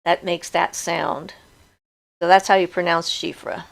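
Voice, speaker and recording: Chatty woman with a low gravelly voice. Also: little pitch movement, a little slow. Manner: chatty, laughs often, reads comments aloud. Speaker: host of a live chat. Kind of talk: casual live chat, reading viewer comments.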